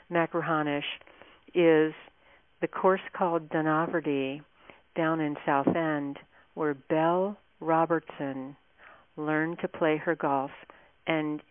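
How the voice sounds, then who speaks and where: A woman's voice: deep voice, steady tone, slow pace, pauses often, smooth, no room sound. A woman guest on a radio interview, telling stories about her book in a chatty, meandering way. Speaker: author and guest. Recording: tinny phone line.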